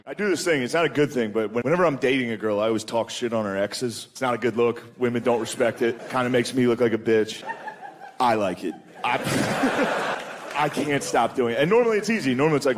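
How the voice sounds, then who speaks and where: A man in his thirties doing a stand-up comedy set, mostly deadpan but breaking into loud mocking voices. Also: mid-range voice, quick pace. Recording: live club set with audience laughter, background noise.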